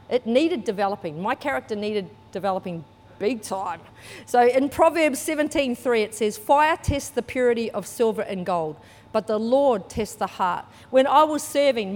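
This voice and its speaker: A woman preaches in a lively, storytelling way, acting out what people said. Her voice sits a little high. It rings with the long reverb of a large hall. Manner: lively storytelling, acts out quotes, laughs often. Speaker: church speaker. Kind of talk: sermon with personal story.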